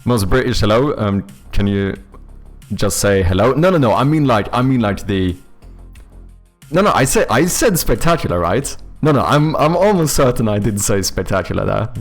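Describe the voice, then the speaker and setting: A man's voice: mid-range voice, expressive, moderate pace, soft background music. A young man, chatting casually with viewers while making a game on stream, rambling and joking with casual swearing.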